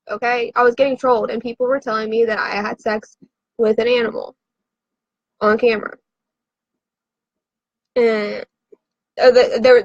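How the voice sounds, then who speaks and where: A woman's voice: fairly high pitch, no room sound, lo-fi sound. A woman who has been drinking, telling a rambling, profane story to a live audience in a frantic, confessional way.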